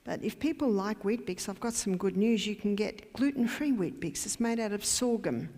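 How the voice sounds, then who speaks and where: A woman's voice: mid-range voice, expressive, moderate pace, warm tone. An Australian woman giving a health lecture in a church hall, emphatic and quizzing her audience with questions. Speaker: health educator. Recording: long hall reverb.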